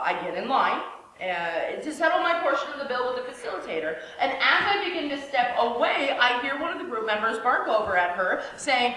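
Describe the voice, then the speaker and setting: A woman's voice: on the high side, pushed and bright. Sarcastic woman telling a story, echoey room. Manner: sarcastic, wry. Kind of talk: personal storytelling. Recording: echoey room, faint hiss.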